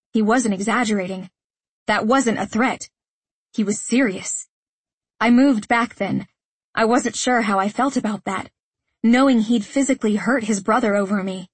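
A woman reading a first-person romance audiobook in a steady, intimate way. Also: a little high, a little slow, slightly rough, no room sound. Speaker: audiobook narrator.

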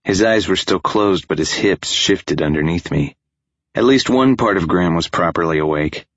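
A man narrating a first-person audiobook in a steady, intimate storytelling manner. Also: deep voice, normal speed, no room sound, highs cut off.

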